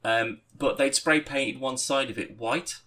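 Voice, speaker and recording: A man, a podcast co-host, chatting casually and telling a rambling, animated story with swearing and laughter. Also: medium pitch, measured pace, slight background noise. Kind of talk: casual chat.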